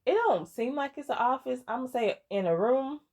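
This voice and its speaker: A woman's voice: high-pitched, expressive, normal speed, darkish tone. A young woman casually recapping a story game, rambling with lots of fillers and restarts, and often laughing in amusement. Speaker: gaming content creator.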